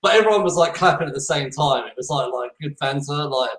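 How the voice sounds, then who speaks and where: A man's voice: on the high side, moderate pace, a bit bright. A young English man from near London, telling stories in a rambling way with lots of fillers on a live chat show. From England. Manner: rambling, many fillers and restarts, laughs often. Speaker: podcast guest. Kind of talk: casual chat on a live stream. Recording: echoey, distant from the mic.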